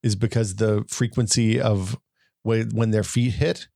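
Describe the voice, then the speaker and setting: A man co-hosting a tech podcast in casual chat, explaining ideas through tangents and jokes. His voice sits low with a gravelly edge. The sound is dry and close. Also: steady tone, unhurried, warm tone, no room sound. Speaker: podcast co-host.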